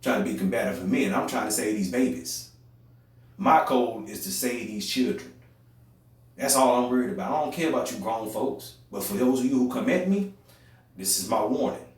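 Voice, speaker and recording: A man's voice: mid-range voice, expressive, normal speed. Heated young man in an echoey room. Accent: African American Vernacular English. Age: young adult. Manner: heated, preachy, repeats phrases, swings loud and quiet. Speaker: podcast host. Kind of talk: impassioned monologue. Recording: very echoey room, voice far from mic.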